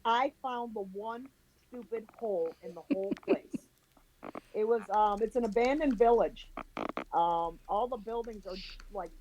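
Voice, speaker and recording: A woman on a video call telling a lively story, acting out what people said and laughing as she goes. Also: fairly high pitch, a little slow, highs cut off, a little hiss or hum. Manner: animated, acts out quoted voices, laughs while telling. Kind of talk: casual storytelling.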